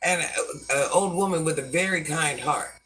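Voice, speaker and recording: Deep-voiced older woman, around sixty, bright edge, folksy live-stream chat, a bit off-mic. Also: moderate pace, recorded from a distance, slight background noise. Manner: folksy, calls viewers baby and hun, speaks of herself as Granny. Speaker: online life-advice host.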